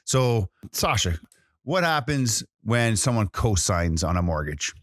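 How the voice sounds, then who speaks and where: A man's voice: on the low side, very animated, unhurried, no echo. A man hosting a podcast in a casual, chatty way, full of fillers and restarts. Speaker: podcast host.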